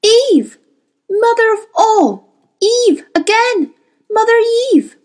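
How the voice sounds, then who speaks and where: A woman's voice: very high-pitched, big pitch swings, slow pace, a little mellow, voice pushed up, full character voice. A woman voicing a desperate, tormented female witch who shrieks, pleads and sobs. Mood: sobbing.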